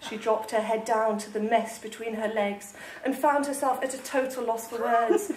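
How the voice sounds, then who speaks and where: A woman author reading her comic novel aloud at a live salon, with lively, amused storytelling. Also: fairly high pitch, normal speed, hardly any pauses, slight background noise. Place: literary salon with a live audience. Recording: echoey room, distant mic, audience laughter.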